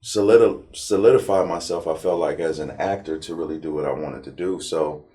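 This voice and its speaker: A man from Compton, telling his life story in a relaxed, slangy interview. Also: extremely low pitch, brisk. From Compton, California. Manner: animated storyteller, slangy, acts out his past self. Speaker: interview guest.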